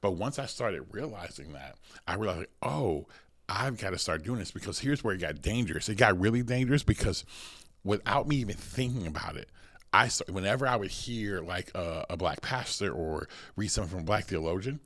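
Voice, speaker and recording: An American man who is a pastor and podcast host, telling stories in an energetic, conversational way with many restarts. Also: low-pitched, brisk. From United States.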